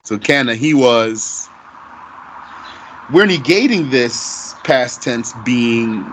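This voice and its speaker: Man, grammar lesson, unhurried drawn-out delivery, mid pitch, asks and answers his own questions. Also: lively intonation, fairly bright tone, a little hiss or hum. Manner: slow, deliberate explaining with rhetorical questions. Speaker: Arabic grammar teacher.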